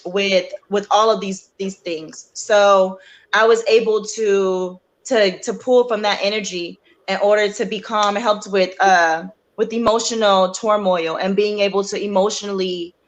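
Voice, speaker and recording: A young adult woman, a guest on a talk show, earnestly telling a personal story in a halting way, with many fillers and restarts. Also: medium pitch, fairly even intonation. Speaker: guest sharing her story.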